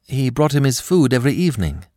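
A man's voice: medium pitch, sing-song, fast, dark tone, no echo, clean studio sound, voice pushed up, natural voice. A man voicing a frightened young woman of about twenty, anxious and pleading, her voice raised well above his own. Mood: fearful.

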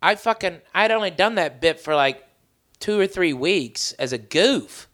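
A man's voice: high voice, expressive, unhurried, fairly bright tone. A male comedian chatting casually on his podcast, loose and profane. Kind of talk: casual chat.

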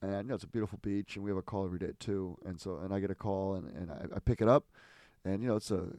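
A man with a lowish voice tells stories in an easygoing, meandering way, breaking off mid-sentence and circling back, amused by his own anecdotes. The sound is dry and close, with no room around it. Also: very fast, darkish tone, no echo. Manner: rambling, self-interrupting, amused storytelling. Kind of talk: casual chat.

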